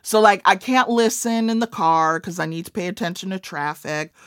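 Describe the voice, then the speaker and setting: A woman's voice: mid-range voice, normal speed, a bit bright, clean tone, no echo, clean studio sound. A woman in her forties with a Midwestern accent, an author chatting in a wry, self-deprecating way. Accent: Midwestern American. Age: 40s. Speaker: author and comedian. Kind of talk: casual interview chat.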